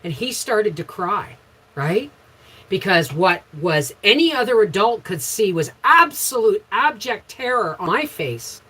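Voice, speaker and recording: A middle-aged woman hosting a casual livestream, chatting with viewers and telling frank, rambling stories with sudden loud bursts. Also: medium pitch, sing-song, a little slow, husky, poor audio. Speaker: homestead channel host.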